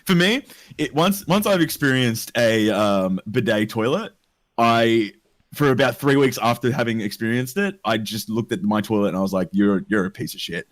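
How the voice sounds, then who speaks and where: A man's voice: mid-range voice, normal speed. Joking Australian man co-hosting. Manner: joking, laid-back banter. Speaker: podcast co-host. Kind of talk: casual chat.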